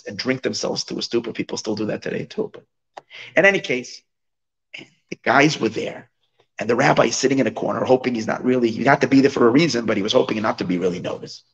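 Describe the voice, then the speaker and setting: A man, a rabbi, giving a sermon through expressive storytelling. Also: medium pitch, creaky, lo-fi sound.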